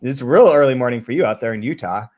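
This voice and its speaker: A man at a middle pitch hosts a book podcast with an easy, casual manner. He rambles through restarts and laughs often as he talks. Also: expressive, quick pace, darkish tone. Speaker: podcast host. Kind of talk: casual chat.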